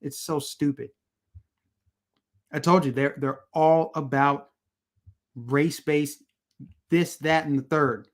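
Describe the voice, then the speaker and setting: A man hosts a live-streamed political commentary show, talking to his chat in a heated, emphatic rant. He hammers his points home through repetition, and his voice sits fairly high for a man. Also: fairly even intonation, takes it slowly, long pauses.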